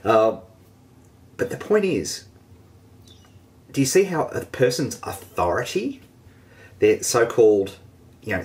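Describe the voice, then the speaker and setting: A man teaching an online marketing lesson, energetic and jokey, poking fun at himself. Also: medium pitch. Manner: energetic, jokey and self-mocking. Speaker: online marketing course host.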